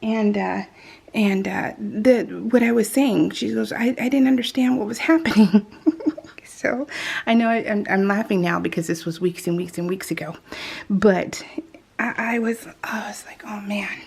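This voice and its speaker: Middle-aged woman, casual vlog storytelling, laughs a lot, gravelly voice, mid pitch. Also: moderate pace, a little mellow. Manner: chatty, laughing often, many restarts. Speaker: scrapbooking vlogger.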